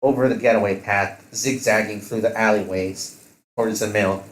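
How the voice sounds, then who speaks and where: A man's voice: fairly low pitch, steady tone, normal speed, echoey room, a little hiss or hum, low-quality recording. A man reading a second-person story aloud, stumbling and correcting himself as he goes. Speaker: narrator of an interactive story.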